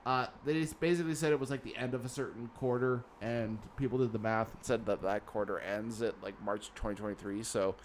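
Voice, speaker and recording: A man's voice: mid-range voice, steady tone, brisk, hardly any pauses, a little hiss or hum. A man hosting a casual gaming news podcast, sarcastic and swearing now and then. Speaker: podcast host.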